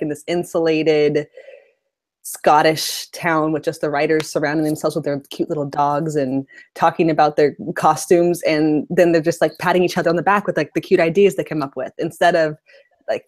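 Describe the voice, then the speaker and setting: A woman's voice: sits low, darkish tone. A woman co-hosting a casual fan discussion, chatty, wry and critical. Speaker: podcast co-host.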